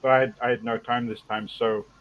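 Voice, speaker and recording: Halting man on dull call audio. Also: mid-range voice, flat delivery, no echo. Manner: halting, self-deprecating. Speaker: artist on the stream. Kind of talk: casual chat.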